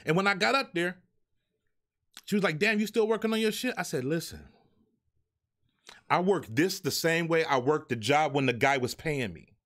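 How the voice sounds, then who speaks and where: A man's voice: fairly high pitch, normal speed, pauses often, fairly bright tone. A man hosting his own live show, ranting in a profane, exasperated way to the people who send him music. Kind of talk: ranting live stream talk.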